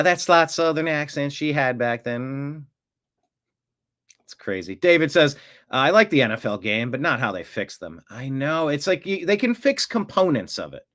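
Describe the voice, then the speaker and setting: A man's voice: mid-range voice, a bit bright. A man hosting a casual livestream, talking in a rambling, jokey way and often interrupting himself. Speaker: livestream host.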